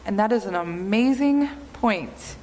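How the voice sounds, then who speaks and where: Slow-preaching woman pastor in reverberant hall. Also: medium pitch, animated, a little mellow, a little hiss or hum. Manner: measured, earnest preaching. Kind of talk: sermon.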